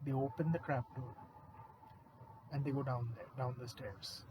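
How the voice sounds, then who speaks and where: A man casually retelling a horror story, animated and conversational, swearing now and then. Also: mid-range voice, moderate pace, noisy background.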